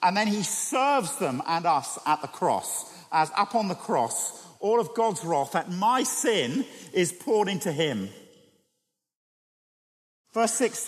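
A man preaching a sermon, animated and conversational, drawing listeners in with rhetorical questions. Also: sits high, unhurried. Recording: long hall reverb.

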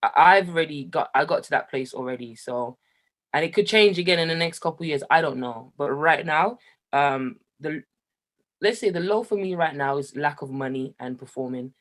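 Young man, from Jamaica, candid storytelling, lively delivery. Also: fairly high pitch, normal speed. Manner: animated, laughs often, voice rises when excited. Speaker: guest, musician.

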